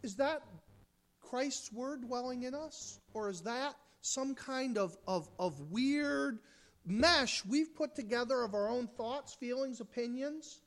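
Woman, high voice, unhurried delivery, sermon, emphatic, rhetorical questions, mocking asides. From United States. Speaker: preacher.

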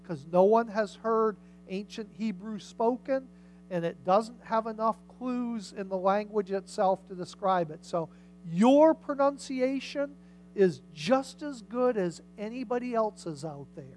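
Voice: medium pitch, expressive, a little slow, a little mellow, slight background noise, low-quality recording. Conversational pastor preaching a sermon. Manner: conversational, questions the congregation. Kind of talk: sermon with scripture reading. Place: church service.

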